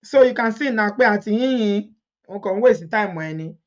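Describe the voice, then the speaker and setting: A Nigerian woman hosting a casual gossip commentary vlog, laughing often and reading comments aloud with lively reactions. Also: mid-range voice, moderate pace, dull audio. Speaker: commentary vlogger.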